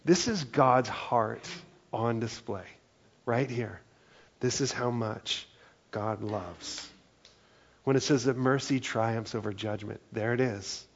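A man's voice: on the low side, steady tone, slow, gravelly, pauses often, highs cut off. A man preaching a sermon, earnest and conversational, often dropping in "like" and "right?" as he talks. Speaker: pastor.

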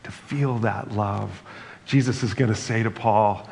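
A man's voice: fairly low pitch, unhurried, creaky, darkish tone. A male pastor giving an earnest, reflective sermon, ending in prayer. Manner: earnest, reflective preaching with brief humor. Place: church sanctuary. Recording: church hall reverb, faint noise.

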